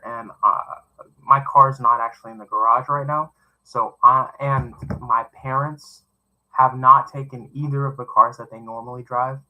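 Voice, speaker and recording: A man's voice: mid-range voice, dull audio. A man reading a novel aloud, breaking off for chatty, wandering asides. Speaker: reader.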